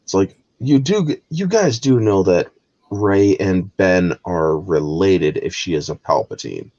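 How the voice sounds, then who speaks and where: A man's voice: sits low, expressive, unhurried, a little mellow, lo-fi sound. A man hosting a heated live movie review, ranting with constant swearing. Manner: profane, exasperated ranting. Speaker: host.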